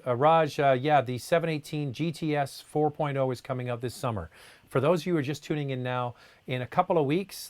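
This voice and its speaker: A man hosting a live question-and-answer stream, reading viewer comments aloud and answering in a casual, chatty way with plenty of fillers. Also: a little high. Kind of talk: live Q&A chat.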